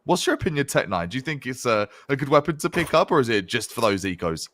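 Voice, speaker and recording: A man casting a competitive shooter match, with excitable play-by-play and playful quips. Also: mid-range voice, quick pace. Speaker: esports caster. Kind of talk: play-by-play commentary.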